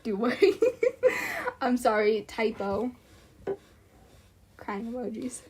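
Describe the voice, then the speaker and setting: A woman's voice: a little high, sing-song, slow, a little hiss or hum. A woman streamer reading fan fiction aloud on a live stream, giggling and breaking off into rambling asides.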